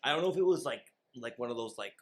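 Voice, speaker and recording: A man's voice: medium pitch, expressive, quick pace, background noise. A man, co-hosting a podcast in rambling, joking, profane casual chat. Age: 20s. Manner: rambling, joking, swears freely. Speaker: podcast co-host.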